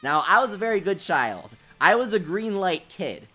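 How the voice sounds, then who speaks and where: A young man hosting a casual gaming livestream. He tells childhood stories in an animated way, says "dude" a lot and laughs at his own jokes. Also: sits high, normal speed. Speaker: livestream host.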